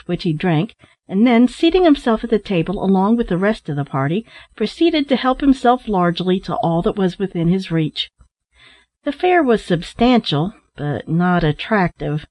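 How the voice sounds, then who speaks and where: Woman narrator reading a storybook in a steady, even voice; mid pitch, dry recording. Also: dry recording. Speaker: audiobook narrator.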